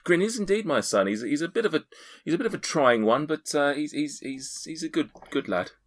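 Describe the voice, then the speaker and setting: A man's voice: a little high, animated, brisk, pitched above the performer's own voice. A man voicing an older female tiefling midwife in a tabletop game, stammering and motherly. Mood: warm.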